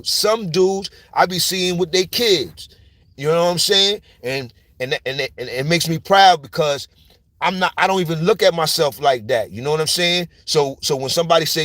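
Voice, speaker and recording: A man's voice: on the high side, brisk, a bit bright, dry recording. A man from New York with a New York accent, telling stories in a casual, slang-heavy monologue full of "you heard?" tags. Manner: street slang, repeats "you heard?" and "you know what I'm saying". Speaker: storyteller YouTuber.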